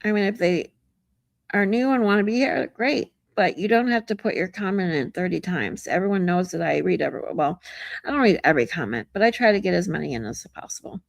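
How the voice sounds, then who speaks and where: A woman's voice: fairly low pitch, animated, fairly quick, creaky, dry recording. A woman hosting a livestream in casual chat, reading viewer comments and greeting them in a frank, chatty way that is peppered with swearing. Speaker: livestream host.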